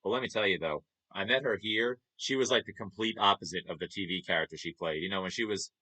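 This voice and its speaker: A man's voice: on the low side, quick pace, bright, forceful tone. Chuckling New man. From New York. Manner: chatty, chuckles often, upbeat. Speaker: streamer. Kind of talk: casual chat over photos.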